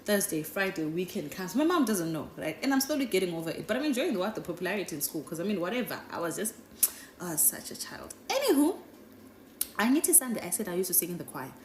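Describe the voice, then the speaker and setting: A young woman telling a casual storytime, chatty and animated, constantly checking in with "right?" and "guys". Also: medium pitch, quick pace. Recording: echoey room with faint noise.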